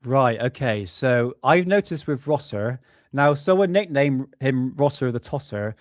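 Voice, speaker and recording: Chatty male streamer, mid pitch, dry close mic, rambling and apologetic. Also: lively intonation, measured pace, no echo. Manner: rambling, apologetic, swears casually. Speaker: livestream host. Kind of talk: casual live-stream chat.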